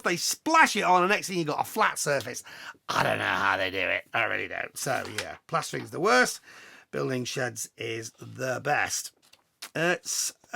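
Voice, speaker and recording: A man's voice: fairly high pitch, gravelly, bright, forceful tone, no echo. A middle-aged man chatting casually as he answers viewer questions, telling anecdotes with self-deprecating humor. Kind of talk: casual Q&A chat.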